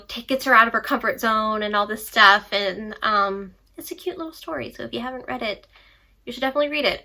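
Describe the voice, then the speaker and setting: A young woman who vlogs about books rambles through a casual review of what she's read, tossing in playful asides. She has a sharp, slightly high voice.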